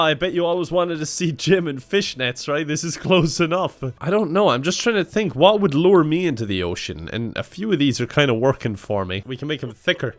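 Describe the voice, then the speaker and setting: Giggly gaming commentator. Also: male voice, fairly high pitch. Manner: giggly, crude joking, frequent laughter. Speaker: gaming YouTuber. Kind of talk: let's-play commentary.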